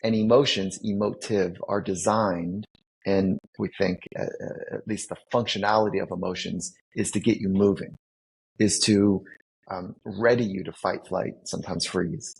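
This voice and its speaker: A man's voice: low-pitched, steady tone, moderate pace, gravelly, breathy edge, low-quality recording. A man, a psychologist guest on a podcast, explaining ideas in a teacherly way and building his points with vivid everyday examples. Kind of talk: explaining concepts in a podcast interview.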